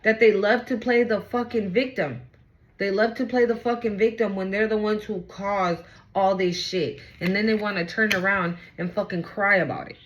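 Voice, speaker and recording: A woman with a medium-pitched voice at normal speed reads tarot casually for the camera; the audio is dull, with slight background noise. Her manner is blunt and full of swearing, and she keeps restating her points and asking "right?"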